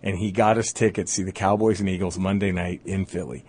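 A man, a comedian guest on a sports radio show, telling a story in an animated way and loudly mimicking rowdy fans, recorded on a close studio mic. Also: sits low, fast talker, husky, dry recording. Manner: excitable, shouts when quoting hostile fans.

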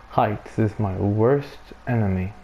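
A young man muttering through a shooter game, slow and drawn out, then jumping high into swearing shouts. His pitch swings widely. A faint hiss of noise sits under the voice. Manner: self-mocking, swears often, bursts into loud shouts. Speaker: let's player. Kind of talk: casual gameplay commentary.

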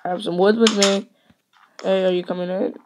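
A woman's voice: mid-range voice, little pitch movement, brisk, background noise. A woman chatting and rambling playfully while playing a building game. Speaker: let's play host. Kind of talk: casual gameplay chat.

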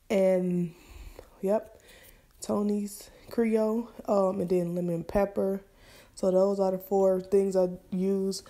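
A young mother talks her viewers through breakfast in her home kitchen. Her delivery is relaxed and chatty, with plenty of pauses and fillers as she cooks. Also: mid-range voice. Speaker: vlogger and mother. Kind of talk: casual cooking vlog chat.

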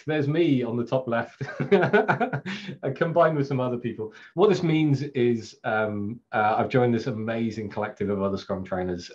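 A middle-aged Englishman with an English accent, a Scrum trainer giving a casual, chatty presentation with fillers and frequent laughs over a video call. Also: lowish voice. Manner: chatty, self-deprecating, laughs often, many fillers. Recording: slightly dull, lo-fi webcast audio.

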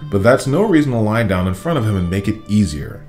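A man's voice: fairly low pitch, big pitch swings, fast, darkish tone, faint music behind. Ron, as a man puts him on: grumbling teen boy. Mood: insistent. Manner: blunt, sarcastic. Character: grumbling teenage wizard boy.

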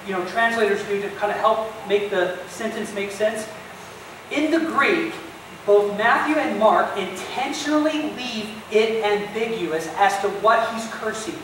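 A man preaching a sermon as a pastor, telling the story with animated emphasis and speaking directly to his listeners. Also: high voice, a little slow, slight background noise. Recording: very echoey distant church recording.

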